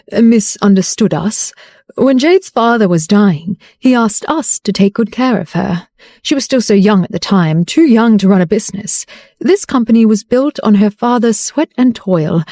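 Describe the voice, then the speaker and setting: A woman's voice: mid-range voice, expressive, moderate pace, dark tone, no echo, natural voice. A woman voicing a nervous, scheming older male businessman who talks awkwardly and evasively.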